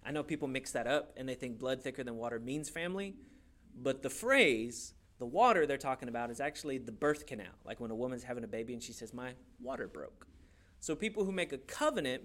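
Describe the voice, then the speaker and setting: A man teaching a youth Bible class in a casual, joking way, asking the class questions as he goes. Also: mid-range voice.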